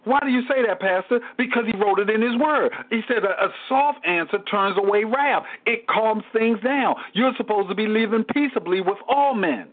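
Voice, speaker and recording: A male pastor with a high voice preaches through a Bible study, circling back over his points and calling out to God mid-thought. The sound is narrow and tinny, as if carried over a phone line. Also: normal speed, hardly any pauses. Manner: repetitive call-and-response preaching with exclamations to God.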